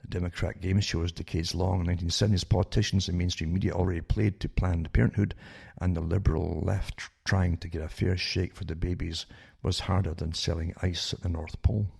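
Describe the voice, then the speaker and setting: A man's voice: deep voice, flat delivery, fairly quick, vocal fry, few pauses, a little mellow, breathy edge. An older man hosting a talk radio show, rambling with many restarts and sarcastic asides that end in "eh?".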